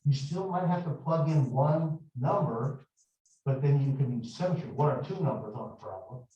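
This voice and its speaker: A middle-aged man teaching a math class, explaining slowly and deliberately and wandering into chatty stories from his past. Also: mid-range voice, expressive, mellow. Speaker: math instructor. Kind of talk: classroom lecture. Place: large echoey classroom. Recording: echoey, distant, dull classroom recording.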